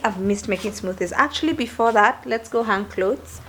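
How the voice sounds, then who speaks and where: A woman's voice: fairly high pitch, a little fast, hardly any pauses. A young woman, chatting casually and expressively to camera in a home vlog. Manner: chatty and expressive, with animated asides. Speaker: lifestyle vlogger.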